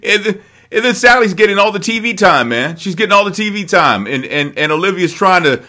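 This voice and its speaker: A man hosting a casual TV recap chat, laid-back and halting, with lots of fillers. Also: sits high, lively intonation, pushed and bright. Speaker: podcast host.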